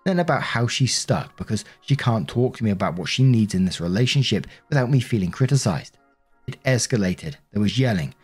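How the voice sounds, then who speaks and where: Brief: low, husky male story narrator, faint music bed. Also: brisk. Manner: steady first-person reading. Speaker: narrator of online stories. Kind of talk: reading a story aloud.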